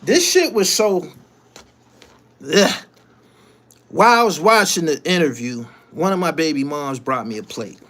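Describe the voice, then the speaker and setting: A man's voice: a little high, animated, unhurried, pauses often, fairly bright tone. A middle-aged man hosting a casual live stream, ranting bluntly and profanely with lots of energy.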